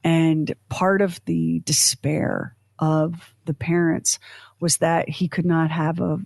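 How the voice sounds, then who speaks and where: A woman co-hosting a podcast, in chatty, animated casual talk full of fillers and asides. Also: deep voice, takes it slowly, vocal fry, dry recording. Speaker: podcast co-host. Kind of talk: casual chat.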